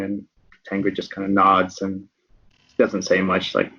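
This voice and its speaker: A man playing a tabletop game, narrating haltingly with many ums. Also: sits low, monotone, husky, lo-fi sound. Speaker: player.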